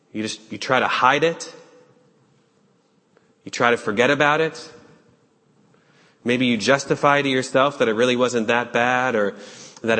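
A man preaching a sermon, urgent and questioning, with dramatic pauses. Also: medium pitch, bright, forceful tone. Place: church sanctuary. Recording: long hall reverb.

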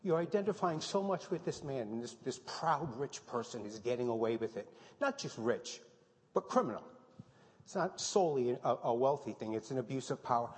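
A pastor giving a sermon, telling a story with lively, halting restarts. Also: male voice, mid-range voice. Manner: animated storytelling with many restarts. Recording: long hall reverb.

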